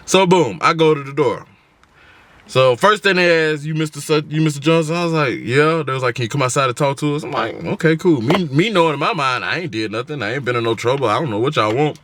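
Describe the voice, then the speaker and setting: A man telling an animated, slangy story from his car, acting out every voice he quotes. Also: fairly high pitch, quick pace. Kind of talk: casual storytime. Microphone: camera in the car.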